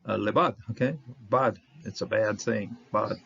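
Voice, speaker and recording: Gravelly low-voiced man teaching Hebrew. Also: fairly bright tone, lo-fi sound, slight background noise. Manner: halting, many "uh" fillers, sounds out Hebrew words. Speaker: Bible teacher. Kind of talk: verse-by-verse Hebrew word study.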